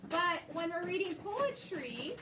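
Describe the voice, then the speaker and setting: High-voiced teacher in an echoey classroom. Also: female voice, very animated, slow pace. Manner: patient, prompting questions to students by name. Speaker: second grade teacher. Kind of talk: classroom instruction. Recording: echoey classroom, distant noisy mic.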